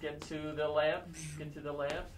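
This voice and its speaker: Actor playing a flustered film director. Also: male voice, on the high side, flat delivery, normal speed, reverberant, far from the mic, background noise, natural voice. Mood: coaxing. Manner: cajoling, flustered, calls action and cut. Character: harried, coaxing film director.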